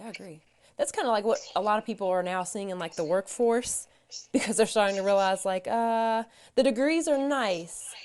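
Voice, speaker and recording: A woman hosting a casual podcast, friendly and upbeat with quick affirmations. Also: mid-range voice, a little mellow. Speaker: podcast host.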